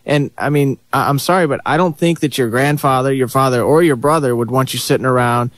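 A man's voice: mid-range voice, a little fast, a bit bright, no room sound. Earnest, insistent male advice guest. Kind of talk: radio advice talk. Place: radio studio.

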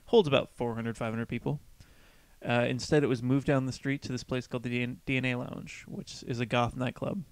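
A man's voice: medium pitch, little pitch movement, fairly quick, clear, resonant tone, no echo. A man co-hosting a casual podcast, rambling through stories, swearing freely and acting out quotes. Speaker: podcast co-host. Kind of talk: casual chat. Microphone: studio microphone.

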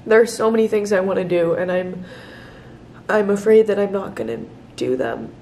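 A woman's voice: mid-range voice, normal speed, mellow. Young woman, early twenties, confessional vlog, emotional, candid, close to tears, faint background noise. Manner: emotional, candid, tearful at times. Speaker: vlogger. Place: outdoors in nature, then indoors. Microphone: camera set down nearby.

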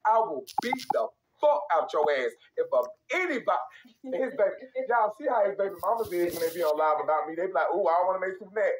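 A man's voice: high-pitched, sing-song, fairly quick, a little hiss or hum, low-quality recording. A young man, ranting heatedly on a live stream, profane, repetitive and emphatic.

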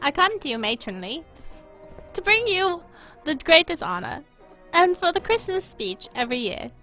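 A woman's voice: extremely high pitch, sing-song, moderate pace, bright, forceful tone, faint music behind, voice pushed up, full character voice. A woman putting on the voice of an aging female British queen giving a speech, giggling through it. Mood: regal. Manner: giggling through a mock royal address.

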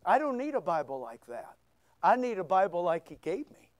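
A man preaching a sermon as pastor, full of rhetorical questions, swinging between loud bursts and hushed asides. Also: sits high, big pitch swings, moderate pace, no echo. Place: church.

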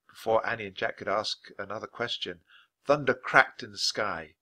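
A man reading a children's chapter book aloud at a clear, natural pace for English learners. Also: lowish voice, bright, forceful tone. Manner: clear, unhurried storytelling. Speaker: audiobook narrator.

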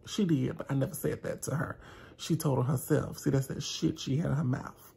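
A vlogger telling a dramatic storytime, acting out both sides and slowing down to stress key lines. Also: medium pitch, fairly even intonation, creaky, dark tone, breathy edge. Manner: dramatic retelling, slows down for emphasis, acts out both sides. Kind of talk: storytime vlog.

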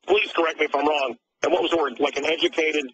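A man's voice: on the high side, steady tone, quick pace, fairly bright tone. A man talking as a radio guest, emphatic and rambling, often stammering as he restarts. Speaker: radio host, guest caller. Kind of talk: talk radio chat. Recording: dull lo-fi line with faint noise.

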